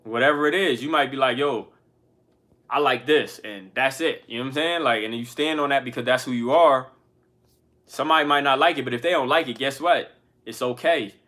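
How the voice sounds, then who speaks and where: His mid-range voice is bright and forceful, moving a little fast. This musician-host speaks openly to his viewers in casual, cursing street talk meant to motivate.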